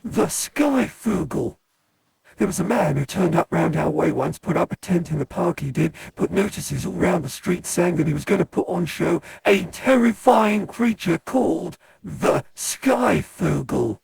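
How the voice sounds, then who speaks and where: A performer voicing an animatronic that tells a spooky tale slowly and dramatically in a raspy voice. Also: medium pitch, animated, a little mellow, no room sound, exaggerated voice. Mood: dramatic. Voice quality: very raspy and creaky. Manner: slow, dramatic tale-telling. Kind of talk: fan voice acting of a poem.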